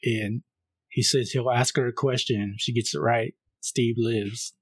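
Husky man retelling a movie plot. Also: mid-range voice, a little slow, no room sound. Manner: retells a film scene by scene, reading the caller's lines flatly. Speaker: podcast co-host. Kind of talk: casual film recap.

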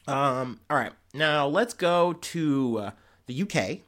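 A man hosting a podcast offers casual news commentary, rambling, swearing and getting worked up over the stories. His voice is on the high side and fairly bright, animated but a little slow.

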